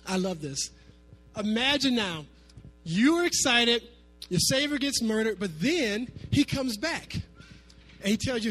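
A pastor delivers his sermon in a fairly high voice, lively and half-sung at times. Faint music plays underneath his words. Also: measured pace. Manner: animated preaching, sometimes half-singing his phrases.

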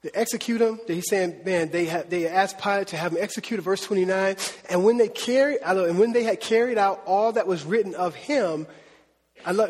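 A pastor's high, husky voice fills a big room as he preaches his sermon. He keeps it conversational, frequently putting questions to the audience.

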